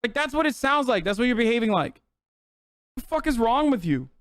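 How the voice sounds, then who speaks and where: A man's voice: very high-pitched, sing-song, brisk, fairly bright tone, clean tone, no echo. A man streaming live, reacting to clips with a heated, profane rant.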